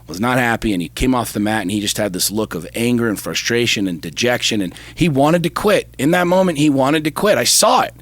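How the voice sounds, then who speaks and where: A man's voice: medium pitch, expressive, a little fast, hardly any pauses, a bit bright. Intense, profane man telling a story. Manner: intense, profane storytelling, rising to emphatic fervor. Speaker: podcast co-host. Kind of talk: casual chat.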